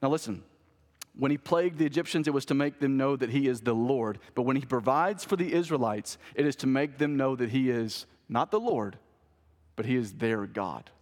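A man, a pastor, delivering an animated sermon and asking the congregation rhetorical questions. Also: medium pitch, fairly quick, big-room sound.

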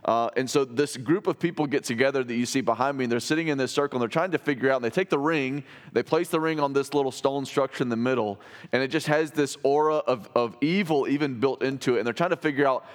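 A man preaches a sermon to his church in a relaxed, conversational way, often restarting phrases and adding fillers. His voice sits at a middle pitch. The sound carries a long reverb from the church hall. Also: fast talker. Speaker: pastor. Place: church sanctuary.

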